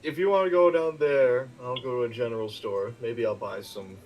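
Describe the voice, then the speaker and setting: A man's voice: medium pitch, normal speed, darkish tone, slight background noise, low-quality recording. A man playing a tabletop game in casual chat, stammering and laughing often. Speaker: player.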